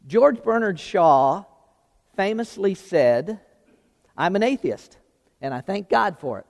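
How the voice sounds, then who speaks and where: A man's voice: sits high, expressive, takes it slowly, vocal fry, pauses often, darkish tone, big-room sound. A man preaching a sermon as pastor, chatty and conversational, asking the congregation questions and repeating words as he finds them.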